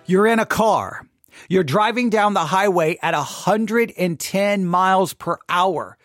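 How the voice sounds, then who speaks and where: A man's voice: high-pitched, a little slow, a bit bright, no room sound, studio quality, faint music behind. A man hosting a podcast, telling a dramatic illustrative story and then giving impassioned commentary. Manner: dramatic storytelling, acting out scenes. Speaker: podcast host.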